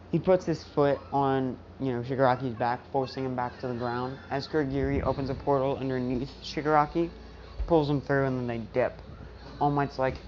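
A woman with a low voice tells a fan story at home, rambling casually and restarting often. The recording is dull and lo-fi, and a faint noise sits underneath. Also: darkish tone. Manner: rambling, with many fillers and restarts.

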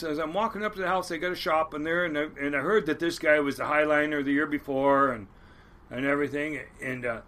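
Bright-voiced older fisherman spinning yarns. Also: a little high. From Washington State, US. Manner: rambling yarn-spinner, salty and blunt. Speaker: crab boat captain, guest. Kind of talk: casual storytelling interview.

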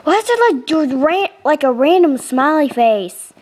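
A woman's voice: high voice, expressive, normal speed, darkish tone, rough recording. A young woman casually commenting on her gameplay, chatty and giggly, easily startled, into a close computer mic. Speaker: gaming channel host.

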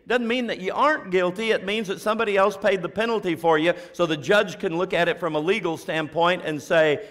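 A pastor preaching with a voice that swings widely in pitch, set a little higher than most men. He throws out rhetorical questions and then sinks to a hushed near-whisper to drive a point home. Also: very animated, fairly quick, few pauses. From United States. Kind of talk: sermon.

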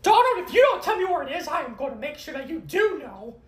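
A woman's voice: high voice, sing-song, fast talker, reverberant. A woman voicing a cranky, hot-tempered male cartoon mouse who scolds and demands in a fan-made skit. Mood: bossy. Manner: scolding, demanding, yells when angry.

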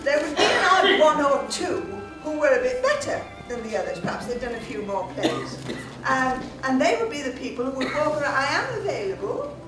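A woman giving a chatty, joking curtain speech to a theatre audience, and reciting a sonnet slowly. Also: sits high, expressive. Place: large theatre hall indoors. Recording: echoey hall from far off with music.

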